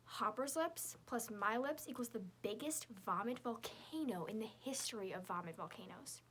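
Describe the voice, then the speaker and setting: A woman narrating a children's chapter book in the first person, in a lively, girlish storytelling voice. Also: a little high, normal speed, breathy edge. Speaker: audiobook narrator.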